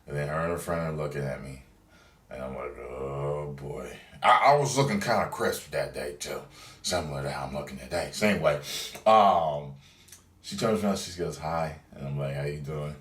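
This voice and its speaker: A man's voice: rumbling low, animated, a little fast, a bit bright. A young man vlogging, telling a story in a laid-back, profane, chatty way. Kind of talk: casual storytelling. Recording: roomy sound, distant from mic.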